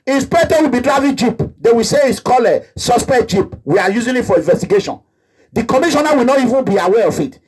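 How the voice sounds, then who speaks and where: Speaking fast with a darkish tone, this Nigerian-accented activist rambles through an animated, indignant monologue. His slightly husky voice sits high for a man, and he bursts into laughter now and then while mimicking the people he's quoting.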